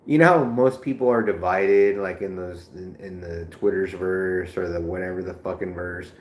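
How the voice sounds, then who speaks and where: A man's voice: low voice, normal speed, roomy sound, a little hiss or hum. A man live streaming in casual chat, rambling and profane, full of slang.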